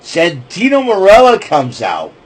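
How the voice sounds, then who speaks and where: Male podcast host, husky voice, casual rambling wrestling recap. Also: high-pitched, huge pitch swings, measured pace, rough recording. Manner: rambling, loose retelling with fillers and restarts.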